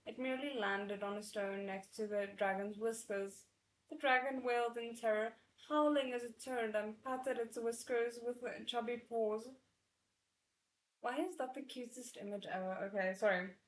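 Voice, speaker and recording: A woman reading a novel aloud in a readalong, excitable and stopping to react with chatty asides. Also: fairly high pitch, moderate pace, reverberant, rough recording. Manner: excitable, breaks off to react and comment.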